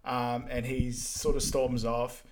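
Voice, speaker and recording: Relaxed man recapping a film. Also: medium pitch, slow pace, a little hiss or hum. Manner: relaxed, steady recap with frequent ums. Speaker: podcast co-host. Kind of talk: casual film recap chat.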